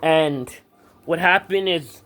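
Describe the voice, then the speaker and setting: A man's voice: a little high, slow, a bit bright, soft background music. A teenage boy telling a personal story to camera in a casual vlog, rambling with lots of fillers and blunt swearing. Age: teens. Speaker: vlogger.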